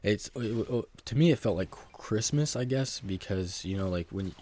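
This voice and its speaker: A man's voice: fairly low pitch, lively intonation, normal speed, darkish tone. A young man telling an embarrassing story from his school days in a rambling, self-mocking casual monologue, full of "like" and "bro".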